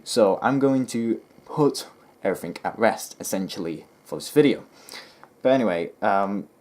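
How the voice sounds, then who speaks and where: A man's voice: fairly low pitch, lively intonation, moderate pace, a little mellow. A man hosting a history video, chatting casually with lots of ums and restarts. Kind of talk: casual rambling commentary to camera.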